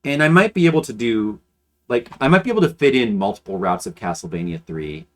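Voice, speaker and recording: In casual live-stream chat, a game streamer with a mid-range male voice talks a little fast, his intonation lively. He muses aloud and meanders, frequently starting over.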